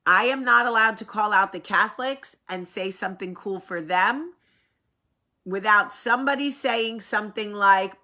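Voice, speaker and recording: A woman hosting a casual vlog, talking to camera in a rambling, animated way, with a sore, swollen face after dental work. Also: medium pitch. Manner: chatty, rambling, animated asides. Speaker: vlog host.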